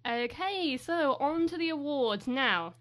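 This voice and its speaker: A woman's voice: high-pitched, lively intonation, takes it slowly, a bit bright. A woman in her late teens co-hosting a casual chat, giggly and self-deprecating. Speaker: co-host.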